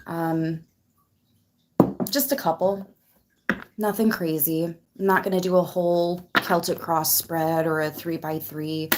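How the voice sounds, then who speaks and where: Woman, tarot channel host, casual livestream chat, near tears, grateful, somewhat low voice. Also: very noisy. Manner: emotional, grateful, greets viewers by name.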